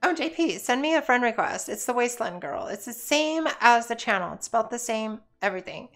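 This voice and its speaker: A woman's voice: on the high side, expressive, moderate pace, fairly bright tone, soft background music. A woman chatting casually while she streams a game, rambling and joking as she plays. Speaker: let's play streamer. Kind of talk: casual chat while gaming.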